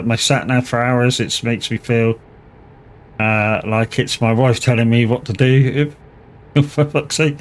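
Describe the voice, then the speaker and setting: A man's voice: mid-range voice, a little hiss or hum. Jokey, swearing man in his 40s. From Plymouth, England. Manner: joking and profane, laughs often. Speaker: live streamer. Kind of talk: casual chat while playing a truck driving game.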